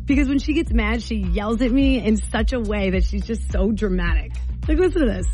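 A woman's voice: mid-range voice, expressive, brisk, dark tone, faint music behind. A woman hosting a morning radio show, chatty and playful, laughing often as she talks to listeners. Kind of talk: upbeat morning radio talk.

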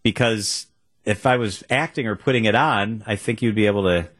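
A man's voice: on the low side, moderate pace, a bit bright, no room sound, studio quality. A man hosting a radio talk show, chatting casually and reading out facts in between. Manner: conversational, reads out facts. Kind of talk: casual chat.

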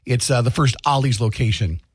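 Chatty husky-voiced morning radio man. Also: mid-range voice, fairly quick, no echo, clean studio sound. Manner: chatty, upbeat, tells home stories. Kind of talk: morning radio chat and announcements. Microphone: studio microphone, dry booth.

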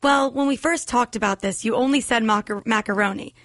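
A woman's voice: a little high, brisk, dry recording. A woman in the radio studio, chatting casually with the host and going along with him. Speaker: radio show co-worker. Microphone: studio microphone.

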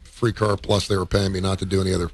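A man's voice: sits low, flat delivery. A longtime male radio host telling rambling, laughing stories about the old days on air. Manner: rapid, rambling, laughing anecdotes. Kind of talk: casual on-air reminiscing.

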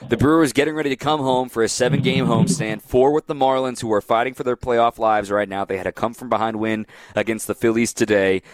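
A man hosting a post-game radio sports talk show, running through standings and schedules in a quick, animated way. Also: mid-range voice.

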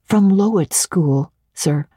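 A woman reading an audiobook, voicing a reserved young governess who answers in a measured, polite manner. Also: lowish voice, mellow, husky, no echo, clean studio sound, voice pushed up. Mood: composed.

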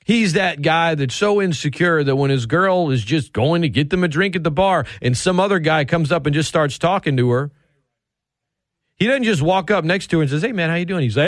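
A man runs a heated sports radio rant, sarcastic and emphatic. His fairly high voice swoops all over as he drives his points home, and the studio sound is close and dry. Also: expressive, brisk, dry recording.

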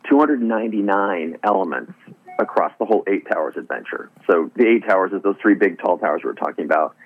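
A man calling in by telephone as a radio guest, explaining things quickly. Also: deep voice, lively intonation, a little hiss or hum. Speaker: guest, business co-founder. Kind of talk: phone interview. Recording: tinny phone line.

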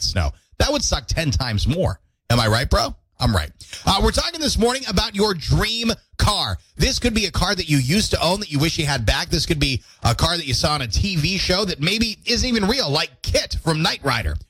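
A man hosting a morning radio show, chatty and jokey, his throat squeaky from allergies. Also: fairly bright tone, husky, dry recording. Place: radio studio.

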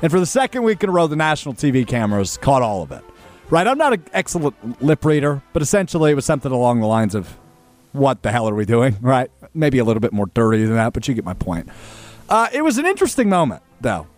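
A man's voice: mid-range voice, wildly swooping pitch, fast talker, faint music behind. A man hosting a sports radio show, talking in an emphatic, opinionated and conversational way.

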